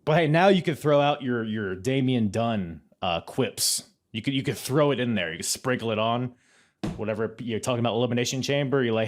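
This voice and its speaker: A man's voice: medium pitch, fairly quick. A man hosting a casual wrestling podcast, laid-back and laughing often. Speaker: podcast host.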